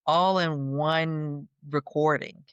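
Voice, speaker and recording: A woman hosting a podcast, asking calm, encouraging questions. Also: sits low, slow pace, clear, resonant tone, no room sound, muffled recording. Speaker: podcast host. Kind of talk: interviewing conversation.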